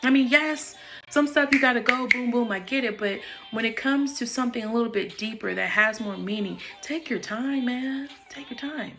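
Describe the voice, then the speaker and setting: A woman's voice: on the high side, moderate pace, over music. A woman talking casually and frankly into her phone about meditation and personal growth, swearing freely. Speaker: vlogger. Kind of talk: casual spiritual monologue.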